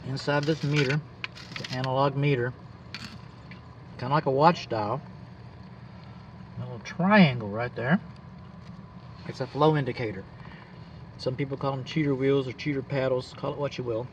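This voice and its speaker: Folksy Texan home inspector outdoors. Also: male voice, medium pitch, moderate pace, long pauses, slight background noise, poor audio. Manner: folksy, explains plainly while walking. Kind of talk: casual walkthrough narration. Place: outdoors around a house.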